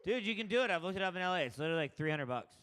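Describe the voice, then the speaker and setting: A man's voice: sits high, animated, racing, fairly bright tone, smooth. A man hosting a comedy open mic, joking loosely and chatting with the crowd between acts.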